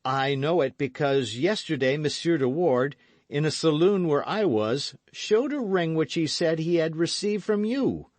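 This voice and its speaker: A man's voice: medium pitch, very animated, a little slow, no room sound, pitched above the performer's own voice. A man reading an audiobook voices a passionate, rash young swordsman who speaks in impassioned exclamations.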